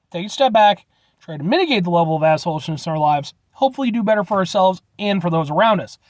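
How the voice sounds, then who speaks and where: A young man from Illinois reviews a drink in a loose, rambling monologue, full of restarts and casual cursing. His pitch moves a lot, rising and falling within a sentence. The sound is close and dry, with no room around it. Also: expressive, brisk, darkish tone, dry recording. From Illinois, USA. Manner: rambling, blunt, swears casually, hesitant restarts. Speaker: vlogger reviewing root beer.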